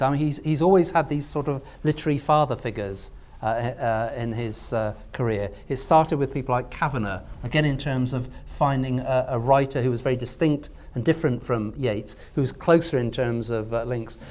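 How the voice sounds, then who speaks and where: A man speaks at an academic panel about poetry in a halting, thoughtful way. He fills his sentences with ums and repeated words while his voice stays at a middling pitch. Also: a little mellow. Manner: hesitant, with many fillers and restarts. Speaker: literary scholar speaking on a panel. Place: lecture room at a university event.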